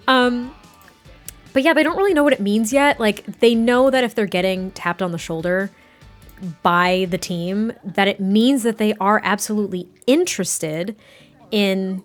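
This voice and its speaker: A woman's voice: medium pitch, normal speed, faint music behind. A young woman gaming creator giving casual, rambling commentary, chatty and giggly with lots of fillers.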